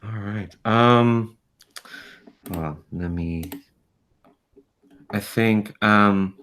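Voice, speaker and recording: Slow lowish guy gm, making it up as he goes. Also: fairly bright tone, soft background music. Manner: thinks aloud, revises as he goes. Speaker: game master. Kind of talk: narrating a tabletop game.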